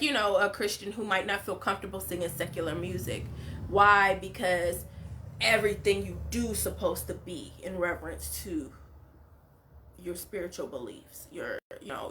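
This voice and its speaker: A woman's voice: lowish voice, a bit bright, a little hiss or hum. A woman hosting a casual reality show recap, opinionated and emphatic, full of "like" and "you know". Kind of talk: casual reaction commentary.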